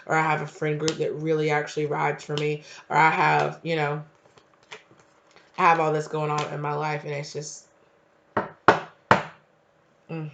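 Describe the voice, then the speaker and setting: A man chats through a casual tarot reading in a slangy, emphatic way. His voice sits fairly high and has a gravelly edge. The recording sounds dull and lo-fi. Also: monotone, unhurried, pauses often, noisy background. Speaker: tarot reader.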